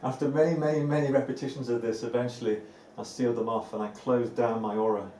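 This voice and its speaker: A man's voice: mid-range voice, fairly even intonation, quick pace, dark tone, distant mic. Man teaching in an echoey room, off-mic. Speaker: spiritual teacher. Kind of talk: live evening talk to a group. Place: indoor room with a live audience. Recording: echoey room, voice off-mic, faint ambient noise.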